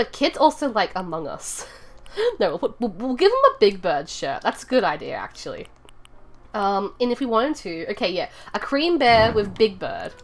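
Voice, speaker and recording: A woman streaming from her room, chatting casually with viewers and thinking aloud as she builds in a game, rambling and giggly. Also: mid-range voice. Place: home room.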